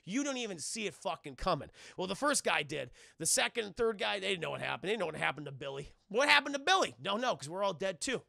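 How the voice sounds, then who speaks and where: A young adult man recapping a film on a live stream in a casual, animated, profane way, talking to his chat. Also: sits high, fast talker, gravelly, few pauses, no echo, studio quality.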